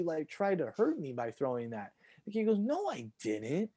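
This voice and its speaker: A man chatting casually on a podcast at an ordinary middle pitch. He tells stories with a lot of animation, often leaping up in pitch when he acts out his younger self. The recording is dry and close. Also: moderate pace, dry recording. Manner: animated storyteller, jumps high when quoting himself. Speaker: podcast co-host. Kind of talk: casual chat.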